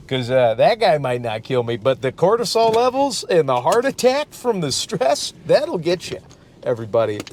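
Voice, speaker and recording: A man's voice: fairly high pitch, very animated, normal speed, darkish tone, slight background noise. A man and stand-up comic hosting a casual solo podcast, ranting in a profane, rambling, worked-up way. He is from Michigan.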